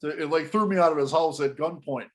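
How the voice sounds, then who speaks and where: A man telling a story to an interviewer in casual panel talk, animated and often restarting his sentences. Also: a little high, fairly quick. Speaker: guest storyteller.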